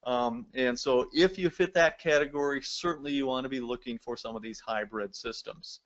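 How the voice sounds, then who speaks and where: A man's voice: mid-range voice, moderate pace, a bit bright, lo-fi sound. A man giving a recorded lecture, explaining step by step and addressing the viewers directly. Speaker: presenter.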